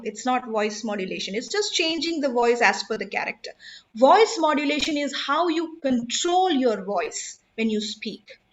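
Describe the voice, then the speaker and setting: High-voiced woman coaching speakers. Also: a bit bright, lo-fi sound. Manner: emphatic, instructive, asks the audience questions. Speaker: public speaking trainer. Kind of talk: online workshop talk.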